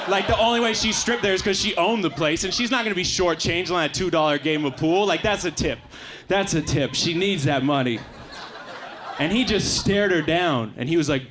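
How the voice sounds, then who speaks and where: Young man doing deadpan stand-up. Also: high voice. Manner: deadpan, quick asides. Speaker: stand-up comedian. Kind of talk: stand-up set. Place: comedy club stage. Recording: live club recording with faint crowd noise. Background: faint audience laughter.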